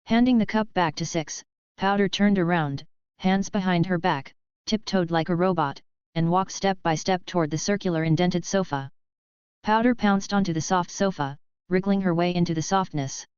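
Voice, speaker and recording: Female narrator, low smooth voice, even storybook reading, dry muffled recording. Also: normal speed, no room sound. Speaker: audiobook narrator. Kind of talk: scripted narration.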